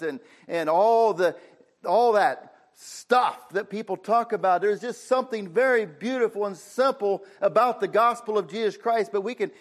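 A man giving a sermon in a plain, conversational way, often saying "you know". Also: high voice. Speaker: preacher. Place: room with an audience.

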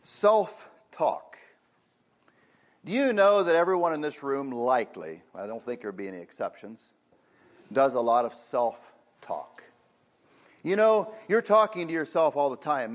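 A man's voice: medium pitch, very animated, normal speed. A man giving a sermon in a plain, conversational way, often saying "you know". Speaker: preacher. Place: room with an audience.

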